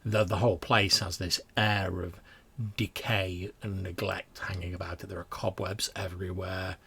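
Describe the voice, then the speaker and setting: A game master narrates a tabletop role-playing scene in a descriptive style, often restarting his phrases. His voice is low and gravelly, with a rough fry. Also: little pitch movement, normal speed, pushed and bright, a little hiss or hum.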